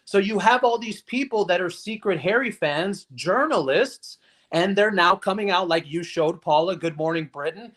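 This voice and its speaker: A man with a high voice speaks as a guest on a live stream. He rambles along in a casual, chatty way. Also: normal speed, a bit bright. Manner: conversational, rambling.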